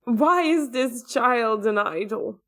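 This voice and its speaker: A woman's voice: fairly high pitch, lively intonation, slow pace, fairly bright tone. A woman co-hosting a casual anime podcast, blunt and a little exasperated as she recaps the episode. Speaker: podcast co-host.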